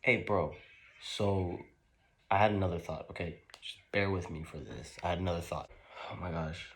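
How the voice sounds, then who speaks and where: Man voicing casual college bros, low-pitched, slangy, laid-back skit banter. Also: fairly even intonation, moderate pace. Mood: joking banter.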